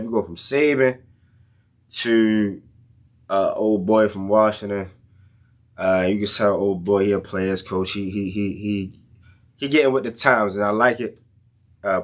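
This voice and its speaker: A young man talking casually and ranting about college football in loose slang, his voice jumping up in heated outbursts. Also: low voice. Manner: animated, slangy, rants with rising outbursts. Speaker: sports commentator vlogger. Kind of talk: casual sports rant.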